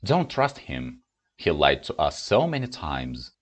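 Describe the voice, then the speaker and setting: A man with a Russian accent who speaks Russian natively, teaching a grammar lesson in English and clearly pronouncing example words. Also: extremely low pitch, huge pitch swings, unhurried.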